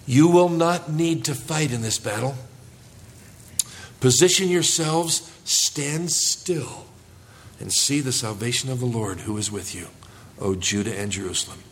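A man's voice: mid-range voice, lively intonation, unhurried. A man preaching a sermon to his congregation, lifting his voice for emphasis and calling for responses. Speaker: pastor.

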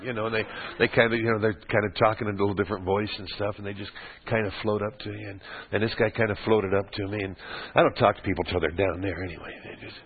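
This older pastor's medium-pitched voice has a breathy edge as he preaches an expository sermon from scripture. Along the way he jokes and chats with the congregation, all captured in a lo-fi, phone-like radio broadcast.

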